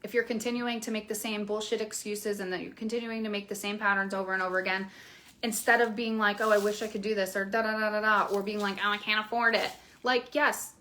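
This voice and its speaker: Bright-voiced woman coach talking casually. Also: mid-range voice. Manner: chatty, many fillers, frank and blunt. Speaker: keto coach. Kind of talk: casual promotional video talk.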